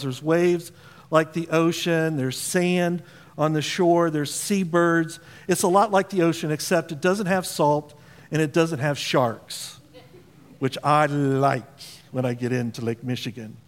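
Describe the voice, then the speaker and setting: A man's voice: fairly high pitch, fairly even intonation, a little slow, big-room sound. A man preaching a sermon as pastor, talking conversationally and asking the congregation questions. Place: church auditorium.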